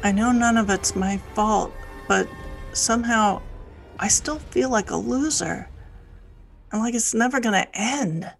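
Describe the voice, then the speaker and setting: A man's voice: sits high, a little slow, gravelly, a bit bright, faint music behind, full character voice. A man playing a weary, defeated apartment tenant who mutters in a glum, sardonic way. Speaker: comedy sketch character.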